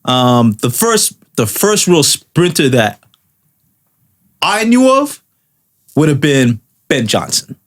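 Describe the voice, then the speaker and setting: Animated, rambling male podcast co-host. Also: fairly high pitch, slow, long pauses. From Toronto, Canada. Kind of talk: casual podcast chat.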